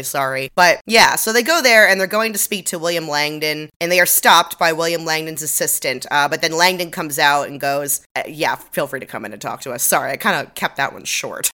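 Young female podcast co-host, low pitch, bright tone, chatty and self-deprecating. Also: moderate pace, few pauses, smooth. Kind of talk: casual recap chat.

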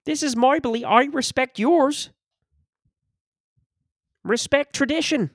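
A man doing an impression of a stern older lecturer, preaching with slow, drawn-out emphasis. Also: very high voice, dry recording, studio quality, voice pushed up, full character voice. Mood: lecturing.

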